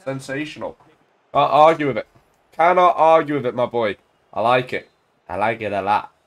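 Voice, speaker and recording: A young man casually commentating on his own football video game at home into a desk mic, full of banter and bursting into shouts when his team scores. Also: medium pitch, normal speed. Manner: excitable, banter-filled, shouts at goals. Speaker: gaming YouTuber.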